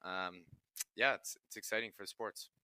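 Young guy on a podcast telling stories, keeps laughing, lowish voice, super clear. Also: fairly even intonation, normal speed, pushed and bright, no echo. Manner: laughs often while telling stories, swears casually. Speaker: podcast co-host. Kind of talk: casual podcast storytelling.

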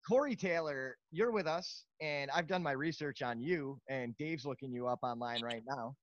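A man's voice: medium pitch, normal speed, no echo. A man hosting a podcast in casual chat, blunt and joking, swearing now and then. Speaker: podcast host. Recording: dull dry lo-fi sound.

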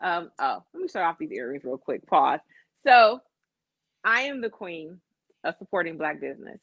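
A young woman co-hosting a casual chat, telling a story with lively swearing and acted-out voices. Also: on the low side, moderate pace, creaky, no room sound, dull audio. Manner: animated storyteller, swears freely, acts out voices and accents. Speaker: podcast co-host.

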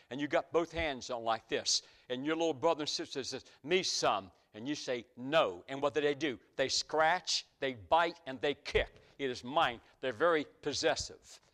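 A man's voice: medium pitch, fairly bright tone. A middle-aged man, preaching a sermon with folksy stories that climb to emphatic peaks.

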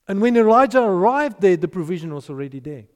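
A man's voice: sits high, big pitch swings, fast talker. A man preaching a sermon as pastor, emphatic, sometimes raising his voice when acting out scripture. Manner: emphatic, rising to shouts for quoted voices. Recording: long hall reverb.

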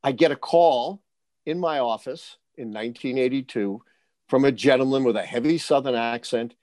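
Older man, seasoned forecaster, punchy anecdotal delivery, mid pitch, close dry mic. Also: normal speed, no room sound. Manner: lively storyteller, punchy asides. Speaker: guest, election forecaster. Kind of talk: storytelling interview answers.

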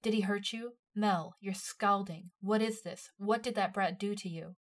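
A woman voicing a blunt, harsh male soldier who swears and barks demands, raised and forceful. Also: mid-range voice, normal speed, natural voice. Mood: alarmed.

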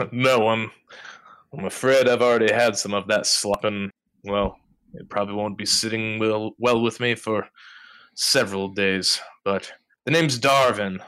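A man's voice: lowish voice, fairly even intonation, unhurried, a bit bright, clean tone, dry recording. A man voicing a pompous, weary male traveler who talks in a formal, fussy way. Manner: formal, fussy, mannered phrasing.

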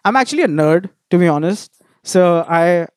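Lively man telling stories. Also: sits high, moderate pace, clear, resonant tone, no echo, studio quality. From India. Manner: animated storyteller, laughs often, restarts phrases. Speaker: musician guest. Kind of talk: casual interview chat.

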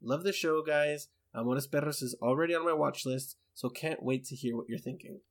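A man's voice: on the high side, a little fast. Upbeat English man co-hosting a podcast. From England. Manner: enthusiastic, chatty, with many fillers. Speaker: podcast co-host. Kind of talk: casual podcast chat, reading listener emails.

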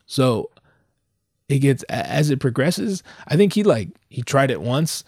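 A man doing stand-up storytelling in a profane, animated way, jumping his voice up to act out what people said. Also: medium pitch, a little slow, husky, no echo, studio quality. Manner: profane, animated, acts out quotes in raised voice. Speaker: comedian.

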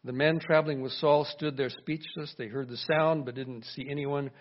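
A man preaching a sermon in a lively way, acting out the voices he quotes and asking his congregation questions. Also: mid-range voice, moderate pace. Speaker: pastor. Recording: dull lo-fi recording.

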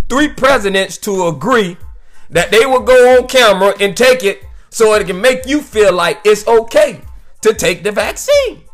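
A man's voice: high-pitched, fairly bright tone. A man hosting his own weekly podcast, ranting casually with loose, profane jokes and frequent "you know what I'm saying.". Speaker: podcast host. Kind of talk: casual solo podcast rant.

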